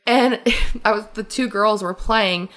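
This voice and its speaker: A woman co-hosting a podcast, telling stories in a casual, animated way with frequent laughter and lots of fillers. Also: mid-range voice, unhurried. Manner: animated storyteller, laughs often, many fillers. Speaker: podcast co-host. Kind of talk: casual chat.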